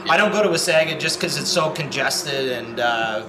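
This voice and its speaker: A man's voice: medium pitch, lively intonation, normal speed, background noise. Joking man chatting in an echoey room. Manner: joking, storytelling, laughs often. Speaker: podcast host. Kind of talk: casual chat.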